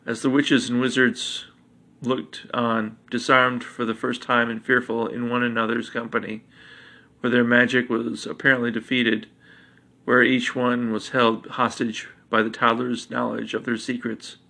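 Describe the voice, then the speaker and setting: A man narrating a fantasy story in an even, unhurried reading. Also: mid-range voice, vocal fry.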